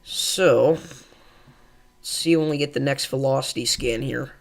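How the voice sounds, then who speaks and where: A man hosting live severe weather coverage, calmly reassuring viewers and thinking aloud with fillers as he reads radar. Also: mid-range voice, measured pace, vocal fry. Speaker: weather livestream host.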